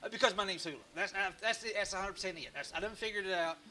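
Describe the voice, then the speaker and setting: High, bright-voiced joking man host. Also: very fast, slight background noise. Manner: rambling, joking and self-mocking, with frequent restarts. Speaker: live-stream woodcarving host. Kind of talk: casual live-stream chat.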